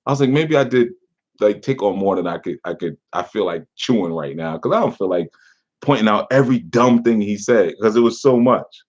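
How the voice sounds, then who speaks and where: A man's voice: on the low side, lively intonation, fairly quick, darkish tone. A man who is a spiritual teacher, reading a message aloud in a casual commentary and breaking off with laughter and sarcastic asides. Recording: dull lo-fi recording.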